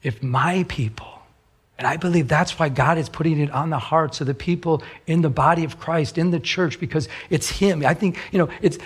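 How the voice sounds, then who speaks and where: A man pastor delivers a sermon in a loose, conversational way. His voice sits a bit high and has a husky edge. He often trips over words, repeating them as he restarts his thoughts. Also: fairly quick, few pauses.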